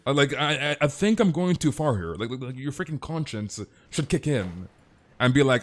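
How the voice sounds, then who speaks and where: A man's voice: medium pitch, very animated, normal speed. A man streaming a game and ranting in casual chat, swearing and filling his talk with "dude" and "like.". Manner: swears and repeats himself.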